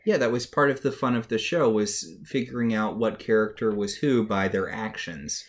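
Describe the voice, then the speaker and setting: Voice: medium pitch, moderate pace. A podcast co-host recapping a TV episode in casual chat with dry, wry commentary.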